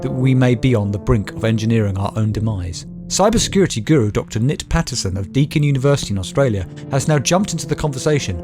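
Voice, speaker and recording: A British man co-hosts a casual comedy podcast, reading news items aloud. He hams up the reading with mock-dramatic flourishes and jokes along the way. His pitch sits in a middle range. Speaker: podcast co-host.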